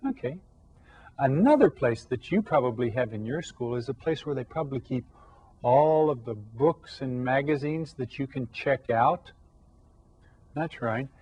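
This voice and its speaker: Slightly husky man teaching Spanish words. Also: mid-range voice, lively intonation, warm tone, low-quality recording. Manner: slow, drawn-out modeling of Spanish words; patient, explanatory teacher talk. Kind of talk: televised classroom lesson for children.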